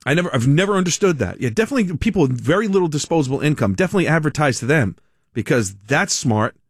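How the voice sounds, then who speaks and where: A man's voice: a little high, very animated, fast, slightly rough, no echo. A man hosting a talk radio show, riffing in a rambling, sardonic way and laughing at his own jokes. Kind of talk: casual radio monologue.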